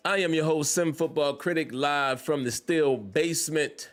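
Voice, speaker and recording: A man's voice: on the high side, moderate pace. A man hosting a live-streamed sports podcast from his home basement, chatting casually and greeting viewers by name. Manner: casual, repetitive shout-outs to chat viewers. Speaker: podcast host.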